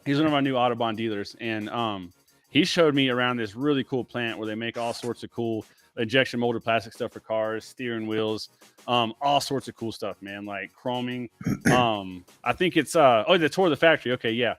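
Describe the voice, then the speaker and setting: A man's voice: mid-range voice, normal speed, fairly bright tone, soft background music. A man talking as a guest on a casual livestream, laid-back and rambling, filling his talk with "like" and "man.". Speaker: guest, window tinter.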